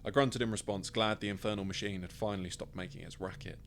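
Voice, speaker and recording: Low-voiced man reading a story. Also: fairly even intonation, fast talker, a little hiss or hum. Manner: dry, wry storytelling. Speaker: author reading his own story. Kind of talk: first-person scripted narration.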